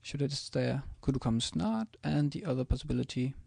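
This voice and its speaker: A man's voice: mid-range voice, lively intonation, brisk, gravelly, a little mellow, slightly rough, no echo. A man teaching a language in a casual screencast, hesitant, with many ums and restarts as he types examples. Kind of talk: screencast lesson, typing examples.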